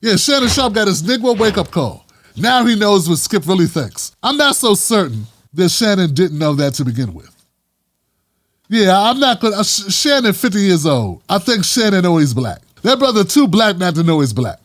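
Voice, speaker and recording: High, animated male commentary host. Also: moderate pace, dry recording. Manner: animated, emphatic, street-casual speech. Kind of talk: political commentary vlog.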